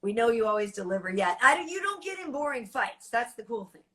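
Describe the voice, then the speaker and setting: A woman's voice: fairly high pitch, sing-song, quick pace, bright, forceful tone. A woman hosting a casual talk show, upbeat and laughing along with guests. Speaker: host. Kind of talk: casual chat.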